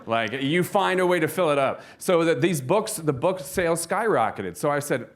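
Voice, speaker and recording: A man's voice: fairly high pitch, lively intonation, moderate pace. A man giving a casual seminar talk to an audience of real estate agents, telling stories with lots of fillers and restarts. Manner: chatty storyteller, frequent fillers and restarts.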